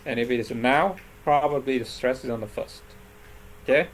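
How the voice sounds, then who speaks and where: Speaking a little fast in a mid-range voice, a man teaches his class about word stress in English. After every point he patiently checks in, repeatedly asking "right?" and "okay?"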